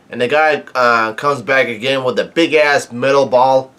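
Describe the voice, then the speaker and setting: Halting man recapping a comic. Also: medium pitch, fairly even intonation, a bit bright. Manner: halting, many fillers and restarts. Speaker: manga reviewer. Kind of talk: casual recap of a comic chapter.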